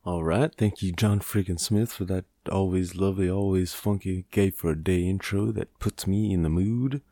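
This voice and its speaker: Low, dark-voiced profane podcast host. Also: male voice, steady tone, moderate pace, no echo, clean studio sound. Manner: profane, rambling, self-mocking. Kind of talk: casual podcast chat.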